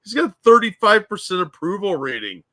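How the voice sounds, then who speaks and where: A man's voice: high voice, sing-song, brisk, bright, forceful tone, no echo. A man co-hosting a casual political chat, blunt and mocking in tone. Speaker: co-host.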